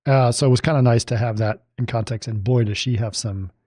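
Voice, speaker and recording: A man's voice: medium pitch, fairly quick, breathy edge, no room sound, studio quality. A man hosting a casual film podcast, telling anecdotes and acting out what others said. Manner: animated storyteller, mimics others' quotes. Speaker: podcast host.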